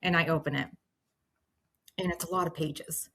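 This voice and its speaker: A woman in her thirties telling her own story as a patient, animated and acting out her past reactions, close to tears at times. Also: deep voice, moderate pace, gravelly, breathy edge. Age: 30s. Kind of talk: emotional personal storytelling.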